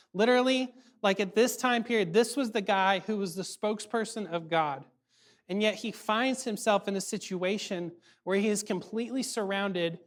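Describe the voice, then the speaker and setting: A man giving a casual youth sermon, animated and chatty, full of fillers and quick check-ins with his audience. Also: high-pitched. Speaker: youth ministry speaker.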